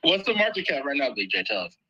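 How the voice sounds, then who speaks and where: A man's voice: mid-range voice, very animated, fast talker, sharp tone, husky. A man hosting a casual crypto chat, laid-back and teasing his guests. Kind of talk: casual live audio chat. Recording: dull, lo-fi audio.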